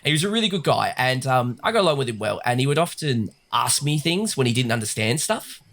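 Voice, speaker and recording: A man's voice: mid-range voice, big pitch swings, fast, a bit bright. Chatty man narrating gameplay. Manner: rambling, chatty storyteller. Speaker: gaming host. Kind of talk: casual let's-play commentary.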